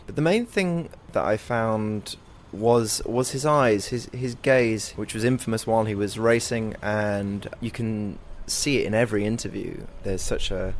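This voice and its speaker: Earnest young man, low voice. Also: slight background noise. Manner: earnest, thoughtful, animated when recounting. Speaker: comedy performer being interviewed. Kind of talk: reflective interview answers.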